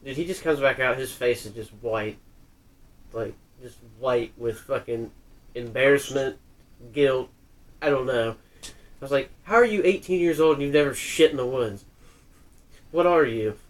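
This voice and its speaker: A man's voice: mid-range voice, animated, moderate pace, long pauses. A man casually telling a rambling, profane story, with lots of fillers. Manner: loose and profane, many fillers. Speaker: podcast co-host.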